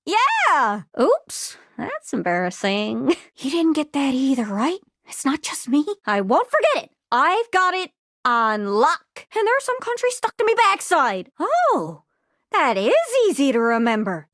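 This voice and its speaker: A woman's voice: high-pitched, fairly bright tone, no echo, exaggerated voice. A woman voicing a cheerful, chatty female talking globe in a dating game, playful and curious, recorded on a dry studio mic. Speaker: dating sim character. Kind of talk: video game voice acting.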